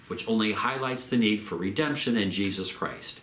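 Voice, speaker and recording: A man giving a theology lecture in a measured way, repeating phrases and slowing down on key terms. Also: fairly low pitch, fairly bright tone, reverberant, slight background noise. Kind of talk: recorded lecture.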